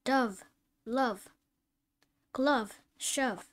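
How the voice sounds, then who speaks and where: A woman with a high voice reads phonics word lists aloud. She takes each word very slowly and distinctly, as a reading teacher would. Now and then she stops to correct herself. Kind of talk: slow word-list reading lesson.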